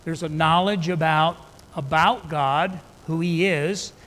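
A man preaching a sermon, reading scripture slowly and building to emphatic, fervent emphasis. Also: fairly high pitch, steady tone. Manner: slow, emphatic Bible reading that rises into loud fervor. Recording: reverberant hall with faint background noise.

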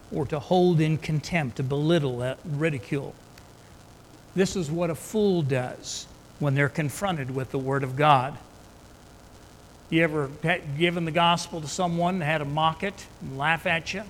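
Slow high-voiced preacher in echoing hall. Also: male voice. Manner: slow, emphatic Bible reading that rises into loud fervor. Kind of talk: sermon. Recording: reverberant hall with faint background noise.

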